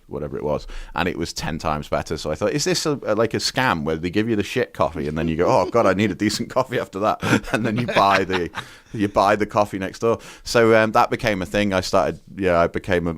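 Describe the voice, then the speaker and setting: A man's voice: sits low, no echo, studio quality. A man from the UK chatting as a podcast guest, telling rambling stories full of fillers and restarts. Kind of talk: casual chat.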